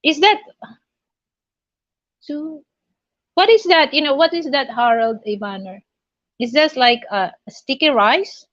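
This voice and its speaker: A woman with a Filipino accent hosting a casual live chat, halting and full of fillers and restarts. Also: high-pitched, expressive, a bit bright, dry recording, highs cut off. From Philippines. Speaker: livestream host.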